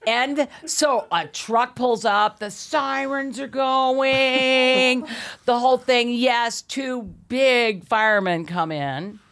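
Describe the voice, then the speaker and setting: A middle-aged woman telling an animated story as a podcast guest, laughing often, swearing and acting out quotes. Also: fairly high pitch, slow.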